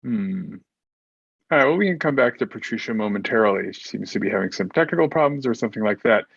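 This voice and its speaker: Host, male, online meeting over a video call, halting delivery, dry and dull audio. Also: fairly low pitch, lively intonation, vocal fry, a bit bright, slightly rough, no echo. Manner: halting, repeats words while introducing speakers. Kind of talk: hosting an online club meeting.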